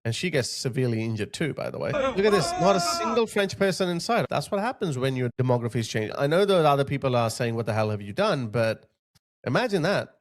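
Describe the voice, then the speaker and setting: A man's voice: mid-range voice, very animated, brisk. A man hosting a video, giving indignant reaction commentary on clips, with laughing asides. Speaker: YouTube commentator host.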